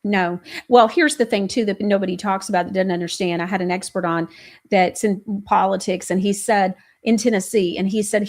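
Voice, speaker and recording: A woman hosting a casual political talk show, emphatic and rambling, quoting others in quick animated asides. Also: mid-range voice.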